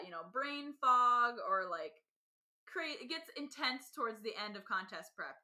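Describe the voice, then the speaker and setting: A woman's voice: medium pitch, bright, forceful tone. A woman hosting a podcast, asking questions and chatting casually. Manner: friendly, asks questions at length. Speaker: podcast host. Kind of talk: casual interview chat.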